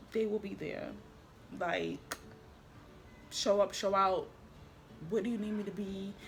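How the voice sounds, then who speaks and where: A woman's voice: medium pitch, slight background noise. A young woman, vlogging at home in a casual, slangy way that turns emotional at times. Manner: chatty, slangy, emotional, quietly tearful at times. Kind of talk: casual chat.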